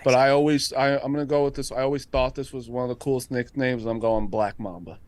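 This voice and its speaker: A man chatting casually on a sports podcast, animated and laughing often, restarting his sentences. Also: mid-range voice, fast talker, no room sound. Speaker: podcast panelist. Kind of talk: casual chat.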